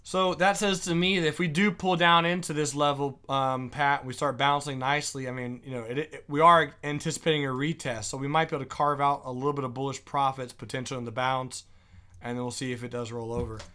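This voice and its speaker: A man's voice: medium pitch, steady tone, a little fast, bright, forceful tone, clean tone. A man hosting a live stock trading show, giving casual market commentary with joking asides and thinking aloud.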